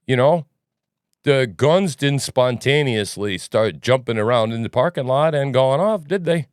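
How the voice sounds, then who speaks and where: A man's voice: medium pitch, smooth, no echo, studio quality. A man hosting a news commentary podcast, talking casually in a rambling, sarcastic way. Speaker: podcast host.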